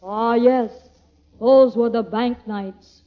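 A woman's voice: on the high side, steady tone, slow pace, very noisy. A woman hosting a 1940s radio comedy sketch, playing a theatrical sweetheart straight. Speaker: radio show host. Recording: dull old radio broadcast with music.

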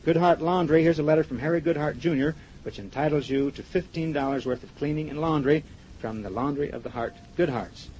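A man hosting a live radio show, chatting with a guest and reading sponsor gifts in a brisk, chatty manner. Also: fairly high pitch, a little mellow. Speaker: radio host. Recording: dull 1950s radio broadcast with faint hiss.

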